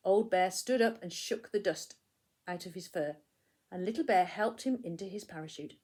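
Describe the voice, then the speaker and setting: A woman, a primary school teacher, reading a picture book aloud to children in an expressive storytelling way, hushing for the quiet moments. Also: on the low side, normal speed, breathy edge.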